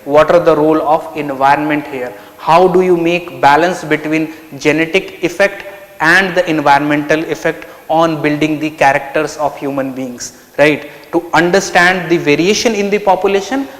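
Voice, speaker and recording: High-voiced man lecturing in an echoey room. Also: steady tone, moderate pace, a bit bright. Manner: explanatory, asks and answers his own questions. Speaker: anthropology teacher. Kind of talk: online lecture.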